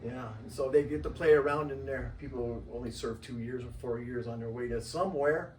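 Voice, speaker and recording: Man from Washington State, rambling storyteller, roomy room, mic at a distance, faint background hum. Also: a little fast. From Washington State, USA. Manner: loose, repetitive, full of "you know"; acts out quoted voices in a higher pitch. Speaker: interview guest, tribal member.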